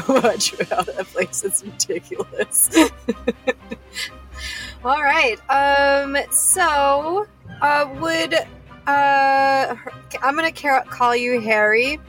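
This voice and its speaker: A woman's voice: fairly high pitch, fairly bright tone, low-quality recording. A woman running a tabletop game as game master, chatty and giggly with casual swearing.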